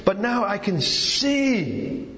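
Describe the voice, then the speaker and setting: A man's voice: high voice, big pitch swings, very slow, sharp tone, voice pushed up, exaggerated voice. A man voicing a formerly blind man who earnestly insists he has been healed. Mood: insistent. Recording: echoey hall, dull lo-fi sound.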